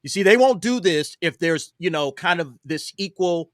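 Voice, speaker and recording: A man holds forth in a casual political panel discussion, pressing his points with emphasis and repeating himself. He keeps stumbling into fillers and restarts as he talks. His voice sits a touch high, and the sound is dry and close. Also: lively intonation, normal speed, a bit bright, no room sound. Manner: emphatic, repetitive, with many fillers. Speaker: panel guest.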